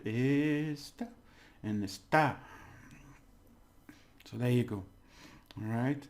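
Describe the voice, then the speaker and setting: A man giving a casual video lesson as a language teacher, chatty, laughing often and repeating words slowly to model them. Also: mid-range voice, creaky, darkish tone.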